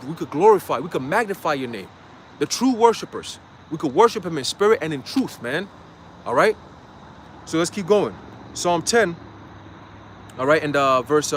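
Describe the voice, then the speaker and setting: A man's voice: high voice, a little hiss or hum. A man preaching casually on a livestream from a parked car, blunt, profane and slangy, getting heated. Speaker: street preacher.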